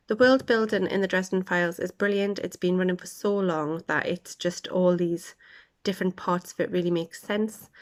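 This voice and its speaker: A woman hosting a casual podcast, chatting with laughter and dropping into quiet asides. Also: fairly low pitch. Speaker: podcast host. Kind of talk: casual chat.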